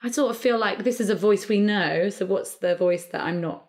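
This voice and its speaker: A woman's voice: medium pitch, brisk. A woman comedian, talking animatedly in a podcast interview and slipping into quoted voices. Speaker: comedian guest.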